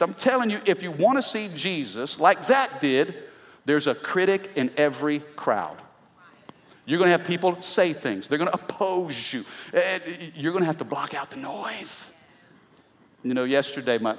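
A middle-aged pastor preaching an animated sermon, breaking into shouts and laughs. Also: male voice, on the high side. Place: church sanctuary. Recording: long reverb of a large hall.

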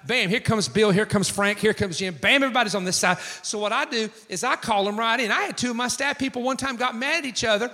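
A man's voice: very high-pitched, fast, hardly any pauses. A man preaching a sermon, telling stories with acted-out quotes. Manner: animated storytelling with acted quotes. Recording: long hall reverb.

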